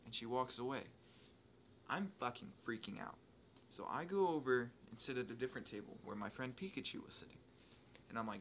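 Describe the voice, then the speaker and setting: With faint noise humming below, a young YouTuber spins a casual story over gameplay. He's profane nearly every sentence, wanders off into asides and restarts, and his ordinary-pitched voice swings sharply louder when he gets worked up.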